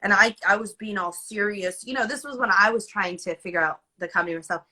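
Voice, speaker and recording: A woman in her thirties speaks as a guest in a relaxed interview over a video call. Her voice is bright and crisp at a middle pitch. She tells stories with animated energy, acting out quotes and laughing easily. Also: fast. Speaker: guest, former child actor. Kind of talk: casual interview chat.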